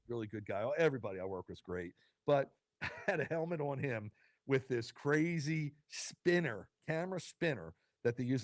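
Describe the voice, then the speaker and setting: A man's voice: medium pitch, darkish tone, dry recording. A man hosting his own vodcast from a studio, talking casually and rambling with fillers and restarts. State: choked up with emotion. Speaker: podcast host. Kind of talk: casual solo vodcast talk.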